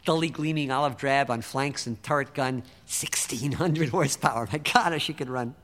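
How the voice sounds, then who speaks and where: A man's voice: medium pitch, normal speed, few pauses, a bit bright. A man reciting a rhyming narrative poem with a rhythmic storytelling delivery. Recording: long hall reverb.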